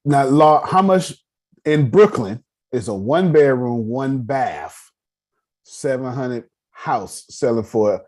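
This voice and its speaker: Speaking slowly in a mid-range voice, this man runs a casual online meeting about personal finance. His teaching style is animated and jokey, he calls on people listening, and he often starts his sentences over.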